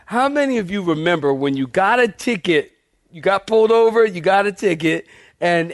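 A middle-aged man preaching a sermon as pastor, animated and talking straight to his congregation. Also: high-pitched, dry recording, studio quality.

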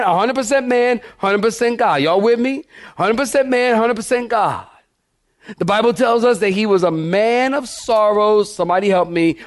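A man's voice: sits high, no echo, studio quality. A male pastor preaching a sermon, emphatic, often asking the congregation if they follow. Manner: asks the congregation for responses, emphatic.

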